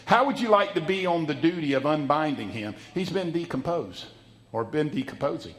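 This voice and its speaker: Male pastor, folksy sermon delivery, higher-pitched voice, dramatic loud-soft swings. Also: lively intonation, normal speed. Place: church sanctuary.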